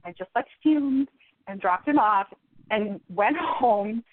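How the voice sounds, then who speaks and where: A middle-aged woman, a guest, telling her story in a wry, animated, conversational way, laughing now and then. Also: medium pitch, takes it slowly, a little hiss or hum. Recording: tinny phone line, dry.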